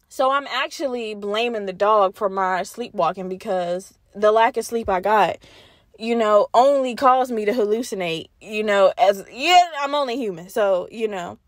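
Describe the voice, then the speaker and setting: A woman's voice: medium pitch, normal speed, no room sound, clean studio sound. A young woman hosting a podcast, telling a story in a casual, profane way and talking straight to her listeners. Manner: profane, animated, addresses listeners as y'all. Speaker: podcast host.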